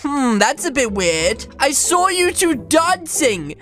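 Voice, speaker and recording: A young woman YouTuber giving playful, animated game commentary and teasing her friends. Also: high voice, faint music behind. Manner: animated, teasing, quick switches between narration and banter. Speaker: gaming YouTuber.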